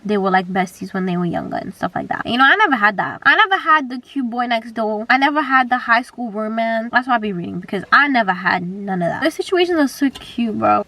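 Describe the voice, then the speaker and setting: A young woman in her twenties rambles through a casual storytime vlog, slipping into tangents. Her voice sits a little high. She is picked up from a little way off the mic in a dry, non-echoey room. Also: fairly bright tone, recorded from a distance. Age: 20s. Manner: chatty, rambling, goes off on tangents. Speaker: vlogger.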